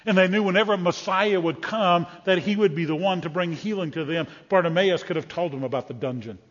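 A man preaching a sermon, dramatically acting out scripture voices and rising to loud calls. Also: high voice, fairly quick. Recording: dull sound with long hall reverb.

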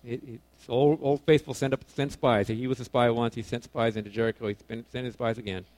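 A man preaching a casual sermon to young people, animated, swinging between loud emphasis and quiet asides, often correcting himself. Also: mid-range voice, brisk. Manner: casual, self-correcting, informal phrasing.

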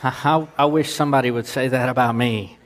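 A man's voice: mid-range voice, steady tone, fairly quick. A man preaching a sermon, earnest and building through emphatic repetition. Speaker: pastor.

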